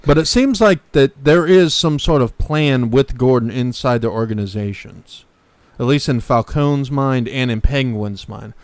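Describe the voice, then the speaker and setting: A man's voice: mid-range voice, unhurried, no echo. A man co-hosting a podcast, casually recapping a TV episode in a rambling way full of fillers and restarts. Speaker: podcast co-host. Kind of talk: casual chat.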